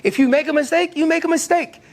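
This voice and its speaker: A man with an American accent teaching an elk calling seminar, lively and acting out what the elk would say. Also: very high voice, fast talker. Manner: animated, acts out elk calls and voices. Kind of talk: hunting seminar talk.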